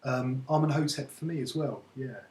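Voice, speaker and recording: An easygoing man chatting through a lesson as a tutor, agreeable and relaxed in his delivery. His voice sits at a middling pitch for a man. The room around him rings with echo. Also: normal speed. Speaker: Egyptology tutor. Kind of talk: casual teaching chat. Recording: echoey room.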